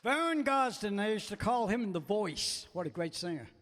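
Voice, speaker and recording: A man's voice: sits high, very animated, a bit bright, in a large hall, soft background music. A man hosting a live country show outdoors, chatting and joking between songs on a stage microphone. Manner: chatty, joking, quick to laugh. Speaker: bandleader and host. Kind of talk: casual banter between songs.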